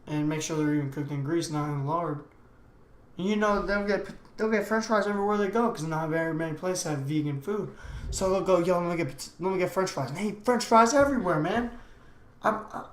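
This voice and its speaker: A young man hosting a casual solo podcast, rambling along in slangy talk full of "man" and "dude". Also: high voice. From United States. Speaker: podcast host. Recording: echoey room.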